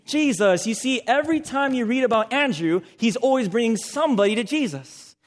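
A man's voice: very high voice, lively intonation, fairly quick. A young man preaching a sermon, engaging the audience with questions and calls for responses.

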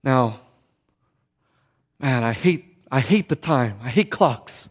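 A man preaching a sermon, telling stories dramatically and swinging from loud to hushed. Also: mid-range voice, animated, slow. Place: church sanctuary. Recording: long reverb of a church sanctuary.

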